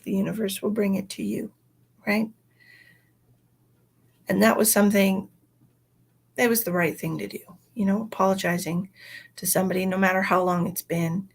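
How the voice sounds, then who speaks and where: Husky chatty woman in her forties. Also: medium pitch. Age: 40s. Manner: chatty, fills with "you know". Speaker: psychic medium. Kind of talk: casual livestream storytelling.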